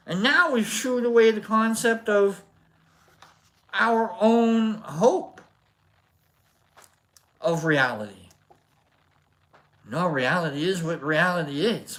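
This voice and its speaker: Slow laid-back streamer reading philosophy out loud, stops a lot to riff and joke with chat. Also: medium pitch. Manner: stops to restate and stress phrases, jokey asides to chat. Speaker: host. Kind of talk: reading a philosophy book aloud with casual asides.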